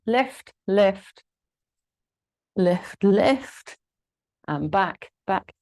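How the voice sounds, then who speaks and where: A woman leads a gentle exercise session at an unhurried, patient pace, breaking each movement into short spoken cues. Her voice sits at an ordinary middle pitch. She encourages the listener as she counts through each step. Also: expressive, rough recording. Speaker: fitness instructor. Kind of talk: guided exercise class.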